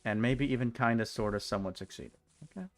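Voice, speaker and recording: A man's voice: medium pitch, fast, soft background music. Exasperated ranting young male streamer. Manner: exasperated ranting, repeats himself. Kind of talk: casual game commentary.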